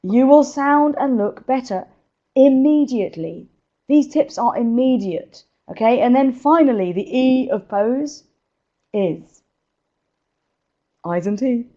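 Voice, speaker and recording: An energetic woman speaker, giving presentation tips in a live webinar and laughing often. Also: on the high side, slow pace, pauses often, muffled recording.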